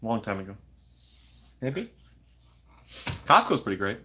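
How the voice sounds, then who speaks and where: A young man with a fairly low voice chats casually on his own livestream. He reads viewer comments aloud and reacts playfully, laughing often between remarks. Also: big pitch swings, a little slow, sharp tone, a little hiss or hum. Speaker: livestream host. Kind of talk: casual live chat reading comments.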